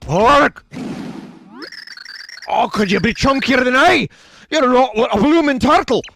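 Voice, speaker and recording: A man voicing a blustering, burly, bearded male brute fighter in a put-on mix of Irish, Scottish and English accents, with a gravelly, boastful manner. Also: very high voice, animated, slow, fairly bright tone, a little hiss or hum, pitched above the performer's own voice, full character voice. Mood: mock shame. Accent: mock Irish-Scottish-English mix. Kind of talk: reading game dialogue aloud.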